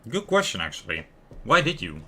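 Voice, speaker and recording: A man's voice: medium pitch, wildly swooping pitch, a little fast, background noise. A man casually reacting and chatting while live-streaming a video game.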